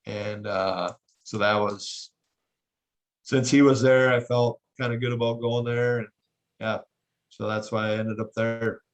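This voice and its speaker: A man's voice: mid-range voice, level tone, measured pace. A man in his forties, a former hockey player, chatting as a guest in a laid-back, chummy way over a remote call.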